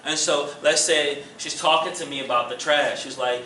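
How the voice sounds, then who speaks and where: A man's voice: fairly high pitch, normal speed, few pauses, background noise. A man teaching a relationship class at church, acting out examples with humor. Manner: animated, acts out examples with jokes and laughter. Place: church room. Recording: echoey room mic from a distance.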